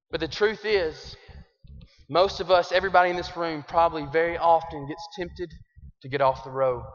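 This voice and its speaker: A man giving an animated, folksy motivational talk to young people in an arena. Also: sits high. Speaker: youth speaker. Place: large arena. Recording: dull echoey arena recording.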